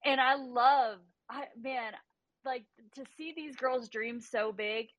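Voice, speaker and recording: A woman's voice: sits high, slow pace, muffled recording, noisy background. A woman in her thirties, a guest on a livestream call, telling a passionate, faith-driven story about her daughters. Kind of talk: livestream interview. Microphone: remote call.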